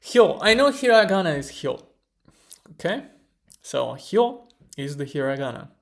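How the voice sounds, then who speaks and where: A man studying at his computer, muttering words to himself in a casual commentary, mostly soft with sudden excited bursts. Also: on the high side, a little slow, vocal fry. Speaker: language learner vlogger. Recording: loud keyboard typing behind.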